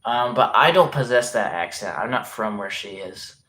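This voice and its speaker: Young male streamer, loose and rambly, regional accent, swears easy, mid-pitched. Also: expressive, moderate pace, a bit bright. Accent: regional dialect, place unstated. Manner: rambling, filler-heavy, swears casually. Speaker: livestream host. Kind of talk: casual live-stream chat.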